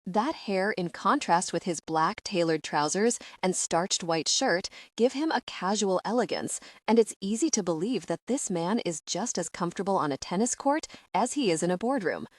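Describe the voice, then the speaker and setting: Woman narrator, young adult, first-person audiobook, expressive, measured, mid-pitched, dry close recording. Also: no room sound.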